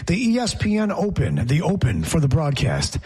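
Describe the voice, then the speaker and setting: Husky, animated male sports host. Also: fairly high pitch, normal speed, soft background music. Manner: animated, opinionated, reads show rundown. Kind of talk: casual sports talk.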